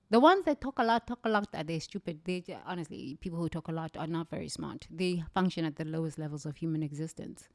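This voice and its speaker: Intense South African woman, low and dry. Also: a little mellow, no echo. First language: Zulu. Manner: intense, emphatic, repeats phrases for weight. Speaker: livestream speaker. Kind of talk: impassioned motivational talk.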